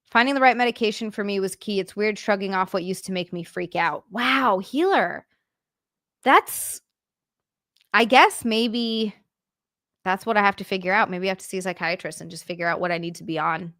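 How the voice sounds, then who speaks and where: A woman's voice: mid-range voice, normal speed, a bit bright, no room sound, studio quality. A young adult woman streaming from home, reading viewer comments aloud and chatting back casually with frequent swearing and sympathetic frustration. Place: home room, on a couch.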